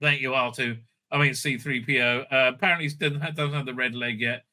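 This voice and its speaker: A man's voice: mid-range voice, steady tone, a little fast, sharp tone. A man recapping and reviewing a TV episode in a rambling, profane and sarcastic way. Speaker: show reviewer.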